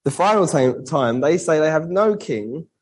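A man preaching a sermon and reading a Bible passage, earnest, with rhetorical questions and slowing down for emphasis. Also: on the high side, lively intonation, darkish tone, rough recording.

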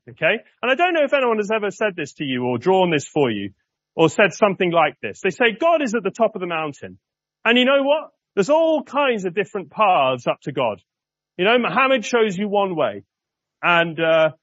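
A man preaching a sermon in a church, chatting with the congregation and slowing down to stress key words. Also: sits high, fairly bright tone, dry recording, lo-fi sound. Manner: conversational, asks the congregation questions.

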